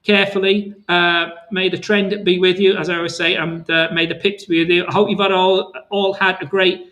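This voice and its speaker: A man with a high voice hosts a live trading Q&A, talking viewers through charts in a loose, rambling, friendly way. His voice sounds a little worn from long talking. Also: flat delivery, moderate pace, sharp tone, highs cut off. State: voice tiring. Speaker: trading webinar host.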